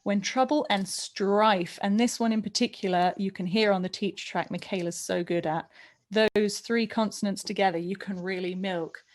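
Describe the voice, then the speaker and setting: A woman's voice: mid-range voice, steady tone, normal speed. A woman coaching a barbershop chorus over a video call, talking through expression line by line and singing short example phrases. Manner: warm, encouraging, sings and speaks example lines. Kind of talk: online singing workshop.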